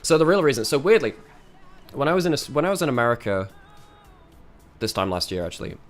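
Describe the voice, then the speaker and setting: A man's voice: medium pitch, very animated, quick pace, soft background music. A British man hosting an esports stream, chatting casually with frequent stammering restarts. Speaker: esports caster and stream host. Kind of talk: casual live-stream chat.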